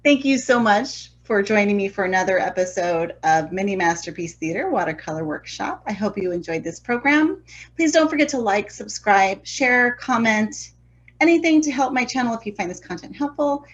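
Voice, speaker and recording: A woman's voice: mid-range voice, lively intonation, moderate pace, highs cut off. A woman hosting a live watercolor lesson, chatting casually with viewers and laughing often, sometimes trailing off and mumbling to herself as she works. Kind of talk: live-streamed painting lesson.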